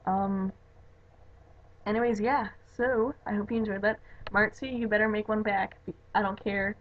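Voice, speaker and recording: A woman's voice: mid-range voice, steady tone, normal speed, slight background noise. A young woman from the Chicago area with a Chicago accent, chatting casually in a home video, rambling with lots of "like" and "you know". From Chicago area, USA. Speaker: vlogger. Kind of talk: casual chat. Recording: dull lo-fi webcam audio.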